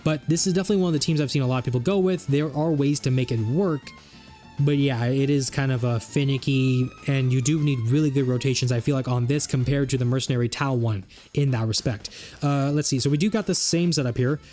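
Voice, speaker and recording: A man's voice: mid-range voice, fast talker, mellow, faint music behind. A man giving casual, rambling gameplay commentary, thinking aloud and growing exasperated as he plays. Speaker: gaming YouTuber.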